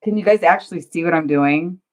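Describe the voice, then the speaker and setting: A woman with a fairly low voice talks a little fast while hosting a casual crafting livestream. Flustered and self-deprecating, she chats with her viewers as she works, and the stream audio sounds dull and lo-fi.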